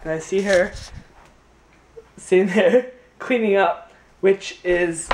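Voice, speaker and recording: A man's voice: on the high side, a little slow, long pauses. A man chatting casually and playfully in a home vlog, joking and laughing often. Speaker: vlogger. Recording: noisy home-video recording.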